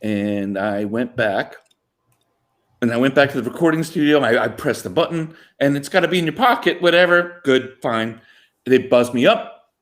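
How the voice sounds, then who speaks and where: A man's voice: medium pitch, moderate pace. A man co-hosting a sports talk show, telling a long casual anecdote and chuckling as he goes. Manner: animated anecdote-telling, chuckling mid-sentence. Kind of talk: casual storytelling chat.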